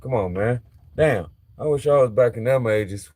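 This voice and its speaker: A middle-aged man with a warm, medium-pitched voice chats loosely with his livestream viewers while he works on a truck. He talks at a normal speed, speaks straight to the audience in slang, and the recording is dry.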